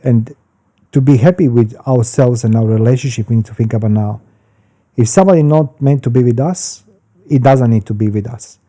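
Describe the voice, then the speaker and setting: A man's voice: mid-range voice, a little fast. Blunt man in his fifties. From Croatia. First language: Croatian. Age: 50s. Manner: animated, blunt, swears freely, broken grammar. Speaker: podcast guest. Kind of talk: candid storytelling in conversation.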